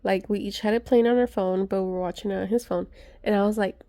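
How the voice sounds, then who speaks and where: A woman chatting excitedly to her viewers as she unboxes gifts, gushing and talking to her audience. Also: medium pitch, fast, dry recording. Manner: gushing, chatty, many gasps and asides to viewers. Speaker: vlogger.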